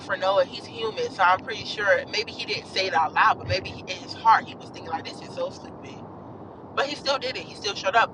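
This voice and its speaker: Bright-voiced woman preaching from a car. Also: mid-range voice, slight background noise, low-quality recording. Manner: earnest, encouraging, rambling. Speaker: faith vlogger. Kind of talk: casual devotional talk to viewers. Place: in a moving car.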